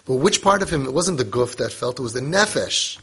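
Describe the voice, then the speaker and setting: Husky-voiced man giving a parenting lesson. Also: medium pitch, expressive, fairly quick, fairly bright tone. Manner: conversational, sprinkled with Hebrew and Yiddish terms. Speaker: parenting teacher. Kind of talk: casual spoken lesson.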